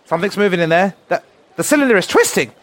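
A very high, panicked reporter. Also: male voice, expressive, fast, a bit bright. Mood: nervous. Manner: frantic, screaming in terror. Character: panicked male field reporter, terrified. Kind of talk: comic mock news broadcast.

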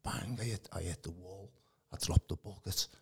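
Man, low gravelly husky voice, lively casual testimony. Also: moderate pace. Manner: animated, acts out quoted voices, calls the host mate. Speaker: guest giving testimony. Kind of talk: casual storytelling.

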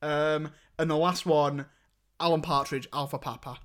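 A man's voice: on the high side, steady tone, normal speed, a crowd in the background. A young man hosting a podcast in casual, rambling chat. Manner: rambling, chatty, laughs while retelling scenes. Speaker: podcast host.

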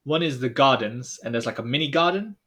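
A young man, co-hosting a podcast and recounting a trip in casual chat, rambling with many fillers and trailing off quietly. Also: mid-range voice, animated, fairly quick. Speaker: podcast co-host.

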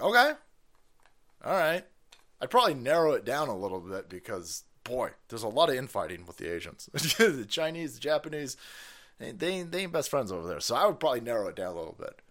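A man hosting a livestream, ranting in a profane, sarcastic, mocking way, often laughing and yelling. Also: medium pitch. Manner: frequent laughter and sudden yells. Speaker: stream host. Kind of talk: livestream commentary rant.

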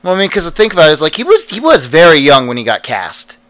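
A man's voice: on the high side, wildly swooping pitch, fast talker, a bit bright. A man co-hosting a casual fan podcast, joking around and now and then slipping into goofy voices. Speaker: podcast co-host. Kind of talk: casual chat.

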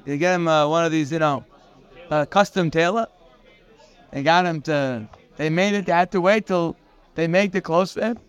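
A man giving a daily morning Torah class, telling the story in an animated way and dropping in Hebrew terms. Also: on the high side, clear, resonant tone. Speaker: Torah teacher.

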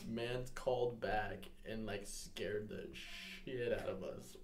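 A man's voice: on the low side, steady tone, slow pace, a crowd in the background. A man co-hosting a podcast, telling a rambling childhood story in casual chat and laughing as he goes. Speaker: podcast co-host.

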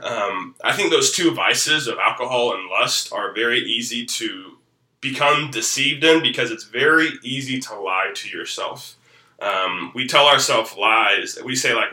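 A man's voice: mid-range voice, measured pace, bright, forceful tone, echoey room, recorded from a distance, poor audio. A man in his thirties, a pastor, telling a personal faith story in a reflective way, with many fillers and restarts. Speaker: executive pastor. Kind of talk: personal testimony.

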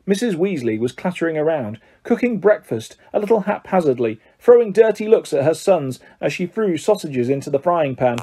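A man reading a children's fantasy story aloud, narrating in a steady, measured way. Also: fairly high pitch, slightly rough. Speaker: audiobook reader.

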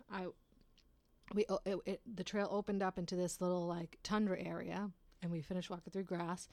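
A woman with a low, gravelly voice full of vocal fry tells a story casually, rambling and swearing as she goes. She is heard close and dry, with no room sound. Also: a little mellow, no room sound. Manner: rambling, swears often, laughs at herself.

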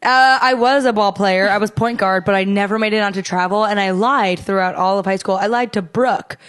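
A young woman in casual chat, telling stories in an animated way, swearing and acting out what people said. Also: mid-range voice, a little fast, smooth. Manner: animated storyteller, swears, acts out quotes.

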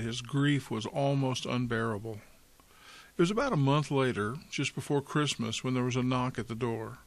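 A man telling a story in a sermon, calm and reflective. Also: medium pitch, no room sound. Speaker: pastor.

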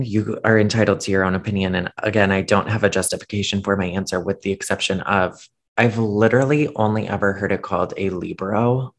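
A podcast co-host chatting casually, rambling and poking fun at themself. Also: deep voice. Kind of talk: casual chat.

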